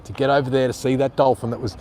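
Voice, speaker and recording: An Australian man rambling excitedly to live-stream viewers from outdoors beside a canal, with a camera-mounted mic. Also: medium pitch, rapid-fire, slight background noise. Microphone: handheld camera with plug-in mic.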